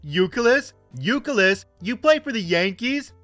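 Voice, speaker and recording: A man voicing an excitable grinning male store manager who calls out loudly and talks like an old buddy. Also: fairly high pitch, moderate pace, no echo, soft background music. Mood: yelling. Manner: loud, pushy, buddy-buddy.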